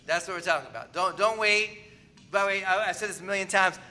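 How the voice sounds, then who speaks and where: A man's voice: sits high, quick pace, sharp tone. A man preaching a sermon as pastor, in a conversational manner, often asking the congregation whether they agree.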